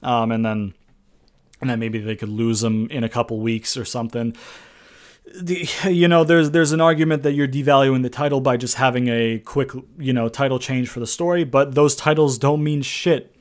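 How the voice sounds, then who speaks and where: A man's voice: mid-range voice, fairly even intonation, normal speed. A man giving a casual, rambling spoken commentary as a wrestling predictions vlogger, blunt and profane, with sarcastic jabs and frequent restarts.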